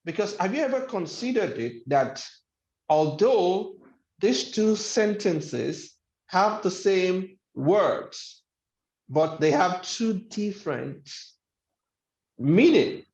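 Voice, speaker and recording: A man's voice: high-pitched, lively intonation, takes it slowly, darkish tone. A man giving a motivational webinar lecture, speaking emphatically and repeating his key phrases. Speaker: webinar trainer. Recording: echoey room, dull sound.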